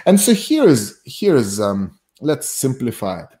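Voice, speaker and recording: A man's voice: medium pitch, wildly swooping pitch, measured pace, warm tone. A man speaking as a psychologist guest, explaining ideas in a thoughtful way that often stops and restarts. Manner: thoughtful, self-interrupting, laughs at his own jokes. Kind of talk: explanatory conversational talk.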